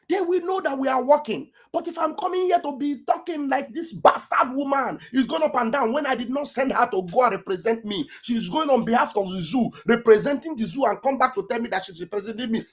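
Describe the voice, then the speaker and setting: A woman's voice: on the high side, expressive, fast, slightly rough. A woman with an Igbo Nigerian accent delivering an impassioned, accusatory political rant, raising her voice at times. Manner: fiery, accusatory, raises voice at times. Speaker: online political commentator.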